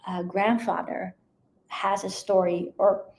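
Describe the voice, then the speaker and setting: A woman's voice: mid-range voice, steady tone, takes it slowly, vocal fry, a little mellow, slight background noise. A woman mentor speaking on a motivational live video, earnest and emphatic, often repeating her key phrases.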